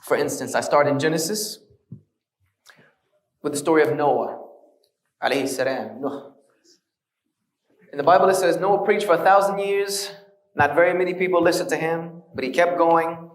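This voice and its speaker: A man with a slightly high voice tells his story to a hall, earnest and now and then wry. The sound is roomy, and he stands some way from the microphone. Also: moderate pace, pauses often, far from the mic. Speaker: speaker giving a lecture on his conversion. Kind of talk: conversational lecture.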